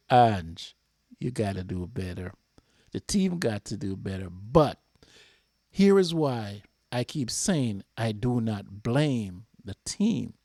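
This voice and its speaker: A Jamaican man hosting a fan channel, giving an impassioned match reaction that repeats itself and flares up before calming. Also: lowish voice, slow, no echo, clean studio sound. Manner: impassioned, repeats himself, flares up then calms.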